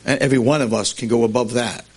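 A man teaching a class, telling a tale in an animated, emphatic way. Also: mid-range voice, quick pace, slightly rough. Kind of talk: storytelling lecture.

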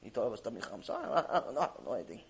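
A man's voice: medium pitch, big pitch swings, very fast, vocal fry, slightly rough, pitched below the performer's own voice, exaggerated voice. A man voicing a bewildered, middle-aged working man who stammers out flustered protests.

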